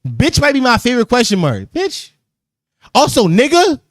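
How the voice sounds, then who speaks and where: High-pitched, lively joking podcast host. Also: male voice, fairly quick, dry recording, studio quality. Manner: loose, joking, laughs often, repeats phrases. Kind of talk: casual chat with live chat.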